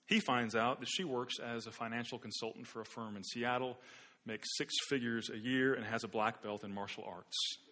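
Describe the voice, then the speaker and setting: A man's voice: mid-range voice, steady tone, normal speed, pushed and bright. A man preaching a sermon as a pastor, telling an illustrative story in an earnest way with occasional repeated words.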